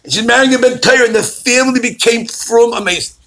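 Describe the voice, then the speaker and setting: A man, a rabbi, giving an animated storytelling sermon and acting out the people in his stories. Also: very high voice, fast. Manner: animated storytelling, acts out callers' voices.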